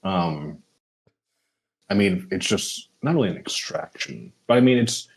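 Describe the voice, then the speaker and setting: Man, podcast co-host, low voice, husky, rambling casual chat. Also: unhurried. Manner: relaxed, rambling, many fillers.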